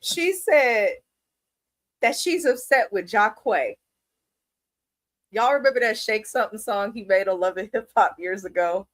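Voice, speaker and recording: A woman's voice: mid-range voice, animated, measured pace, long pauses, fairly bright tone, no room sound. A woman co-hosting a reality show recap in casual chat, blunt, profane and playfully dramatic.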